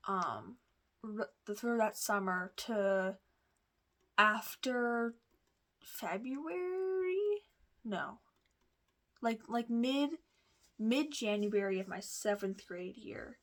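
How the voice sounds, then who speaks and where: Rambling chatty woman vlogger. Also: mid-range voice. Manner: rambling, lots of fillers and restarts; chatty, confiding. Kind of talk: casual storytelling.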